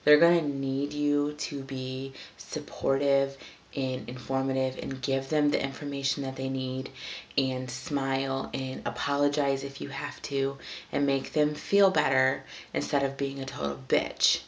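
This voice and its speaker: A woman's voice: a bass voice, flat delivery, measured pace. A young woman vlogging at home, venting in a frustrated, rambling way with lots of fillers. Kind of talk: casual vlog venting.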